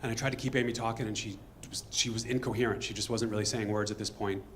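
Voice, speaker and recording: A man telling a true story on stage to a live audience in a fast, conversational way, acting out bits of dialogue. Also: fairly low pitch, fairly even intonation, fairly bright tone, a little hiss or hum.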